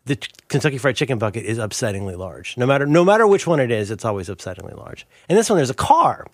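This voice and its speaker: Casual podcast co-host, middle-aged man, gravelly and animated, dry close mic. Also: mid-range voice, quick pace, no room sound. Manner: rambling, jokey, slips into goofy impressions. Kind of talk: casual chat.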